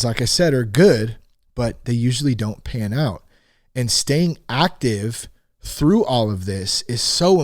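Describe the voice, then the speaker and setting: A man's voice: medium pitch, a little mellow, dry recording, studio quality. A man hosting his own podcast, talking casually and self-deprecatingly with plenty of fillers. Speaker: podcast host. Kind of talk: casual solo podcast talk. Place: home in Northern California.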